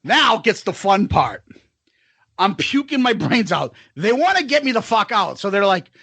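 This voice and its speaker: A man co-hosting a podcast, telling a story in casual chat, animated and profane, acting out the people in it. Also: high voice, normal speed, gravelly, husky, no room sound. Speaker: podcast co-host.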